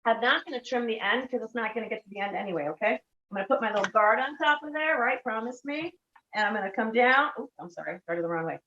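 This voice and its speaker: A woman's voice: a little high, fairly bright tone, echoey room. A woman giving a casual cooking demonstration in a kitchen, chatty and keeps checking in with the viewer. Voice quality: chatty, keeps checking in with "okay?" and "all right?". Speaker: product demonstrator. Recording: dull lo-fi sound with faint noise.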